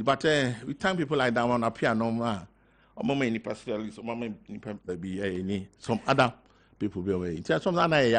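An older man with a Ghanaian accent, talking as a guest on a talk show, halting and mixing in local words. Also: mid-range voice. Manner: halting, mixing in local words, growing loud when telling a story. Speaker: guest party member. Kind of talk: casual talk show interview.

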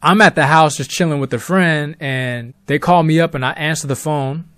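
A man's voice: fairly high pitch, normal speed, a bit bright, clean tone, no room sound. A young man telling a true story in a laid-back, rambling way with casual slang.

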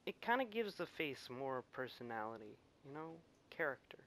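A man's voice: mid-range voice, big pitch swings, moderate pace, fairly bright tone. A young man rambling casually and self-deprecatingly while playing a video game at home. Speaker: gamer.

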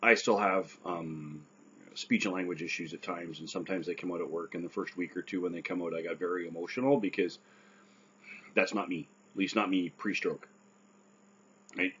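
A man's voice: deep voice, fairly even intonation, normal speed, a bit bright, breathy edge, dull audio. A man who survived a stroke gives earnest, casual advice, often checking in with "right?".

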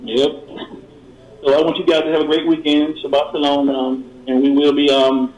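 Earnest halting middle-aged man calling in. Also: a little high, little pitch movement, a little mellow. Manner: earnest, halting, many repeated words. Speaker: caller. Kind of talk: call-in testimony. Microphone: phone call. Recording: roomy call-in line.

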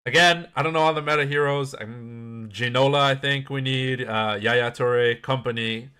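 A man's voice: mid-range voice, fairly even intonation, normal speed, pushed and bright, clean tone. A young man giving casual, chatty commentary while opening packs in a video game, laughing often and poking fun at himself. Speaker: gaming YouTuber.

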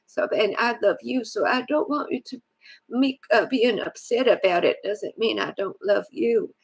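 A woman doing a creaky rambling grandma. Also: on the high side, moderate pace, low-quality recording. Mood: tearful. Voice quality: creaky, husky old-lady voice. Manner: rambling, stammering, fond of detail. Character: rambling lonely grandmother, old and soft-hearted. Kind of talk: scam-baiting phone prank.

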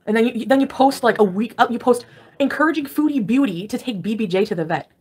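Fast-talking, profane ranting woman. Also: on the high side, a little mellow, breathy edge. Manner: profane, sarcastic, combative. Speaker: livestreamer ranting to viewers. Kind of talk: angry casual livestream rant. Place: at home, lying in bed.

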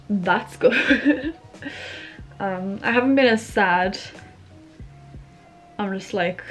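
A young woman in her twenties, chatting casually to the camera in a rambling way, full of "like"s. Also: on the high side. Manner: rambling, says "like" a lot. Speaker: vlogger.

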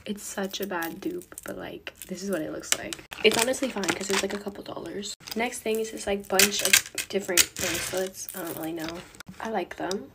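Offhand young woman with crinkling noise. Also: medium pitch. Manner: quick, filler-heavy, offhand. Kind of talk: casual unboxing chat. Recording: loud package crinkling behind.

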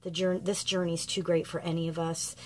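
A woman giving an earnest, gentle devotional message of encouragement to grieving parents, with frequent ums as she retells a scripture story. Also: lowish voice, level tone, brisk. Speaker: grief ministry speaker.

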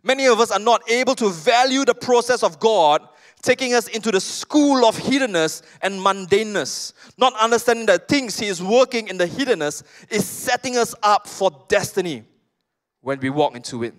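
A Malaysian-accented male pastor preaches with a high voice. He tells stories animatedly and slips in casual side remarks. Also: normal speed. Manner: animated storytelling with casual asides. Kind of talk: sermon.

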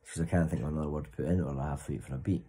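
Bloke, very low and dark voice, loose sweary banter for a vlog. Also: male voice, fairly even intonation, rapid-fire, husky, rough recording. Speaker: vlogger. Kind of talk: casual chat to camera.

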